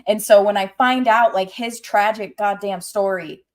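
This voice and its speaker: A woman's voice: mid-range voice, steady tone, normal speed. A woman co-hosting a podcast in casual chat, talkative and sometimes trailing off while searching for words. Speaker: podcast co-host.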